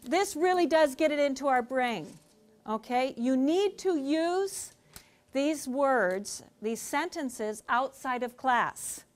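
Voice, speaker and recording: High-voiced woman leading a class. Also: slow. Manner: energetic, coaxing, leads drills. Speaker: ESL lead teacher. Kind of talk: classroom teaching.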